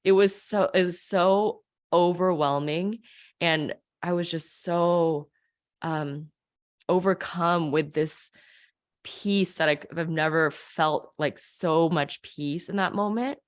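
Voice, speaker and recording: A woman's voice: lowish voice, slow. A woman guest telling an earnest, emotional personal story of faith, with frequent restarts.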